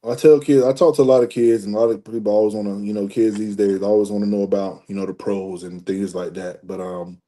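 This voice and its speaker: A man in his forties, a former football player, telling a long story in a relaxed interview, restarting sentences often. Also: fairly low pitch, fast, few pauses. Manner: animated storyteller, acts out dialogue, restarts often.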